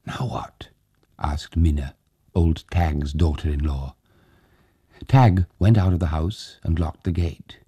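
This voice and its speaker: A man narrating an audiobook in a measured, steady way. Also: extremely low pitch, husky, no room sound.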